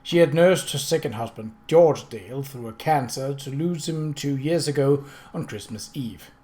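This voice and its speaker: A man narrating an audiobook in a steady, measured way. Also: mid-range voice. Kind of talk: audiobook reading.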